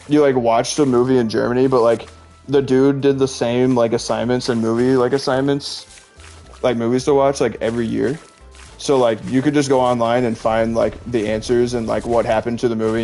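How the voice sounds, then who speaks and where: In a gravelly, darkish mid-range voice, a streamer in his twenties rambles through chatty stories. It's casual conversation, and he uses "like" constantly.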